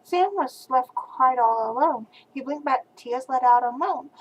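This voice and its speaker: An older woman, a grandmother, reading a rhyming picture book aloud to a small child over a webcam, with soft asides between verses. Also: fairly high pitch, expressive, moderate pace, few pauses, slight background noise, low-quality recording.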